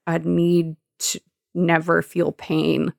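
A woman's voice: on the low side, completely flat delivery, takes it slowly, vocal fry, dry recording, studio quality. A woman co-hosting a podcast, musing in casual chat with many fillers. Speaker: podcast co-host.

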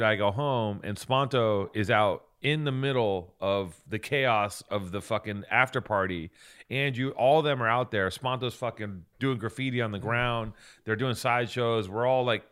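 A man co-hosting a podcast, telling a story in casual chat with heavy swearing and animated bursts. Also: lowish voice, smooth. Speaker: podcast co-host.

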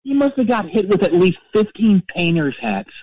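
A petty, indignant rock-fan caller. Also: male voice, sits high, animated, moderate pace, a little mellow, dry recording, rough recording. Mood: rambling. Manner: rambling, stammering, indignant. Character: petty, self-righteous middle-aged rock-fan caller. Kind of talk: comedic call-in storytelling.

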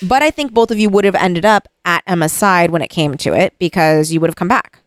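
A woman talks through a novel's story in relaxed chat, her voice sitting a little low. She stops to read passages aloud in a soft, unhurried way. The sound is dry and close, with no room around it. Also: no echo. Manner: retells the plot, reads passages aloud softly. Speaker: book discussion co-host. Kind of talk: casual chat.

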